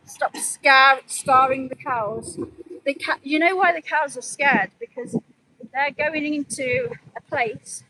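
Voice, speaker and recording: A woman's voice: high-pitched, background noise. A woman animal rights activist livestreaming outdoors, talking earnestly, pleading one moment and scolding her chat the next. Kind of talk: live stream commentary.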